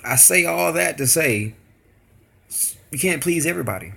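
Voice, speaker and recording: A man's voice: high voice, lively intonation, moderate pace, creaky, sharp tone. A man hosting a reaction video, chatting casually to camera in a rambling, apologetic way.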